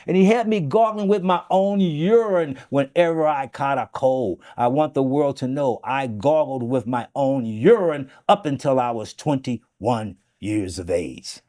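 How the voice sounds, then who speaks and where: A man being interviewed who tells animated stories and acts out the quoted dialogue. He keeps stopping to ask "okay?" to drive his points home. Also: fairly high pitch, unhurried, hardly any pauses, no echo, studio quality. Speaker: interview guest. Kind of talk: storytelling interview.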